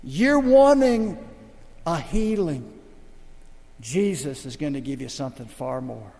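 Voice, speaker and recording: An older man preaching a sermon as the pastor, telling stories dramatically and swinging between loud and hushed. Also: fairly high pitch, lively intonation, takes it slowly, long reverb tail.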